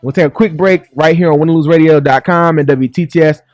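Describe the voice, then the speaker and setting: A man's voice: on the high side, steady tone, fast, darkish tone, dry recording. A man hosting a sports talk show, joking and chatty, in a studio. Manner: upbeat, joking, laughs often. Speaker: sports radio host.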